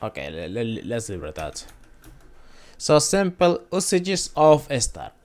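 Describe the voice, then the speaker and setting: A man's voice: mid-range voice, wildly swooping pitch, a little slow, darkish tone. A man hosting a casual beginner Spanish lesson, hesitant, repeating phrases and correcting himself. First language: not Spanish. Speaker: language video host. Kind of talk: casual screen-share lesson.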